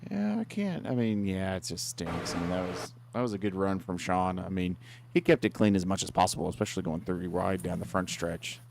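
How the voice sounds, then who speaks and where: A man's voice: low-pitched, lively intonation, fairly quick, vocal fry, a little mellow, a little hiss or hum. A man giving color commentary on an online racing broadcast, casual and hesitant with lots of fillers. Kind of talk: live sim racing commentary.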